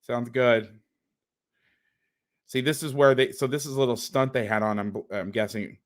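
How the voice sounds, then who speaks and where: A man's voice: mid-range voice, fairly even intonation, normal speed. A man hosting as a football coach, breaking down game film on a video call with sarcastic, exasperated commentary.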